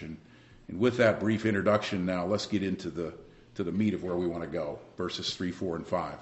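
A man preaching a sermon, emphatic and lively, swinging between loud bursts and quiet asides. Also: low voice, fairly quick, echoey room. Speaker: pastor.

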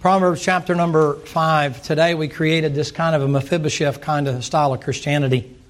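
A man preaching a sermon, dropping into low asides and rising into loud, emphatic runs. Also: fairly even intonation. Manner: acts out dialogue in quick playful voices. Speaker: pastor.

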